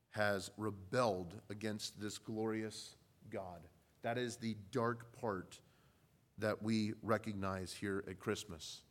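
A man preaching a sermon, measured and deliberate, building from quiet, low passages to loud, emphatic ones.

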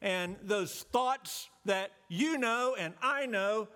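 A man pastor giving an earnest, measured sermon, repeating key phrases and slowing down for emphasis. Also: high-pitched, fairly bright tone, clear, resonant tone. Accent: Southern US.

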